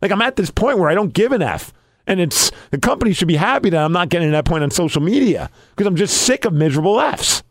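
Guy co-hosting a podcast, lively up and down voice, blunt and fed up, dry studio sound. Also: high voice, fast, dry recording. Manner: animated storyteller, blunt and exasperated. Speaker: podcast co-host. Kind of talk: casual studio chat. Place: radio station studio.

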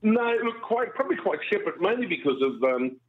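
Aussie guy on the phone talking fast, joking about himself, sounds tinny. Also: high voice, breathy edge. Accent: Australian. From Brisbane, Australia. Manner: jokey, animated, self-deprecating. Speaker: guest broadcaster. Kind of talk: casual radio chat, storytelling.

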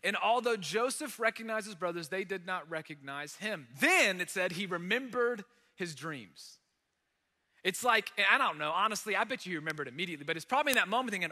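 A man preaching a sermon, telling the story in an animated, conversational way with dramatic emphasis. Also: high voice, fairly quick, in a large hall. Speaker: pastor.

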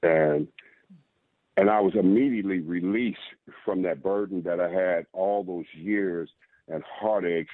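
A man with a very deep voice tells his personal testimony as a radio guest, earnest and repeating words as he goes. He is heard over a narrow phone line with no room sound. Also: measured pace, no echo. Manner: earnest, repeats words while telling a story. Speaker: guest author.

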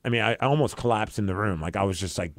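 Speaking very fast in a fairly low voice, a radio and podcast host recounts a personal story in earnest, emotional storytelling, quoting people in his own voice. The radio studio recording is clean and free of echo.

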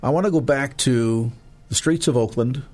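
A man interviewing a guest in a relaxed, joking way and leading into questions. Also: medium pitch, normal speed. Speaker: interviewer, host. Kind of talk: conversational interview.

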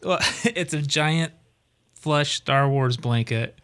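A man's voice: fairly high pitch, takes it slowly, fairly bright tone, smooth. Modest, laughing radio co-worker man. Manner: modest, chatty, laughs easily.

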